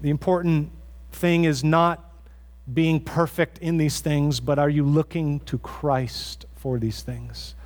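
Man, pastor, sermon, earnest, conversational, restarts phrases, somewhat high voice, church. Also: steady tone, takes it slowly, darkish tone.

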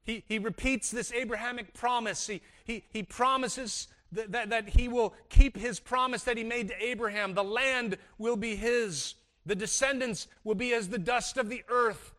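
A man's voice: very high voice, normal speed, few pauses, fairly bright tone. A man preaching a sermon, emphatic, with frequent restarts and repeated words. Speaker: pastor.

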